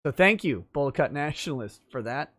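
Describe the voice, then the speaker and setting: A man's voice: mid-range voice, lively intonation, normal speed, fairly bright tone, no echo, studio quality. A man hosting a livestream, explaining legal matters in a casual, thinking-aloud way with fillers. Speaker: livestream talk show host and lawyer.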